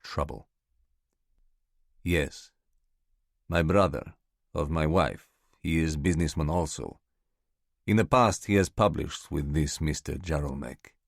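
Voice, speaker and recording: Man doing a gravelly Czech businessman. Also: a bass voice, no echo, clean studio sound, pitched below the performer's own voice, heavily acted. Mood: suspicious. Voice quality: gravelly, broken English. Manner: slow, stern, lecturing. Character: gruff foreign businessman, indignant, accusing.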